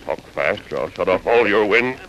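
The Lone Ranger, a commanding masked hero. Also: male voice, low voice, expressive, moderate pace. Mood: firm. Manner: firm, commanding. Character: masked lawman hero, calm commanding adult man. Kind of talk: 1940s radio acting. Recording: dull hissy vintage radio recording.

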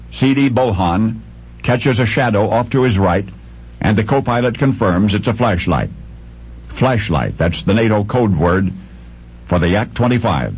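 Dramatic male radio storyteller, husky and low. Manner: dramatic, deliberate pauses, sweeping pitch swings. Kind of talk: scripted radio narration. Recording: dull lo-fi radio recording.

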